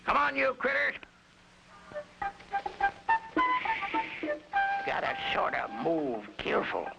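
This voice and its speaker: An old swamp coot, squeaky high and crackly, folksy drawl, old cartoon. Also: male voice, huge pitch swings, moderate pace, gravelly, loud music behind the voice, full character voice. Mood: sly. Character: grizzled old male swamp hermit, folksy joker. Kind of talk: 1950s cartoon voice acting.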